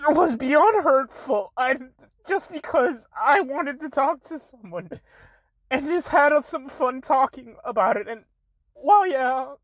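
Shaky, tearful young woman apologizing slowly. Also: sits high, expressive, no room sound. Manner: halting, breaks off and restarts, repeated apologies. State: shaky, close to tears. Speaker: content creator.

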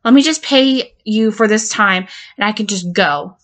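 A woman's voice: medium pitch, moderate pace, a bit bright, natural voice. A woman playing a volatile patient who blackmails her therapist, stammering and swearing as she swings between threats and pleading in an audio drama monologue. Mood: rattled, confused.

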